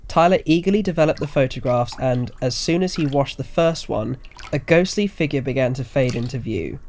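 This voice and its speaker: A man narrating a scripted audio story in a steady, measured reading voice. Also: medium pitch, gravelly.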